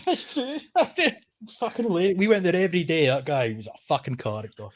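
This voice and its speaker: A man's voice: sits high, lively intonation, normal speed, a bit bright. A Scottish man chatting casually on a stream, swearing freely and laughing through his anecdotes. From Scotland. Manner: swears freely, laughs while telling stories. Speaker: stream guest. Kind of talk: casual chat.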